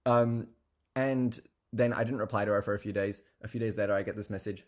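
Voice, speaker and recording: A man's voice: on the low side, level tone, fairly quick, darkish tone. A man telling a story in a casual, chatty way, with lots of fillers and laughing asides. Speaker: guest telling an anecdote.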